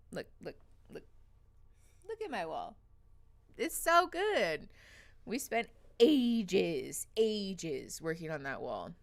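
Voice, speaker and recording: A woman's voice: on the low side, fairly bright tone, smooth. A woman hosting a casual livestream, chatty and emotional, reading viewers' names aloud with frequent laughs. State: teary after crying. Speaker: livestream host.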